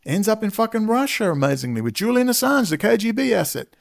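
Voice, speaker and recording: Gravelly, ranting commentator man. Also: sits high, big pitch swings, fast talker. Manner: ranting, swearing. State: exhausted. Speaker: political commentator. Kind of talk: angry monologue.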